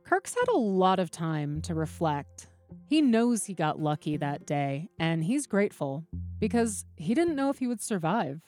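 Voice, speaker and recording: A woman's voice: lowish voice, sing-song, a little slow, darkish tone, soft background music. A woman hosting and narrating a true story and putting questions to her guest. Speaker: podcast host and narrator. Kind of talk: scripted narration with interview questions.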